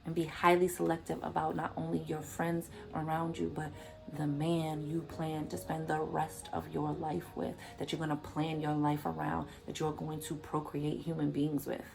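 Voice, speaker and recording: A woman with a low, gravelly voice gives motivational vlog commentary. She preaches with emphatic repetition. Faint music plays behind her. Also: completely flat delivery, normal speed, darkish tone. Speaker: vlogger.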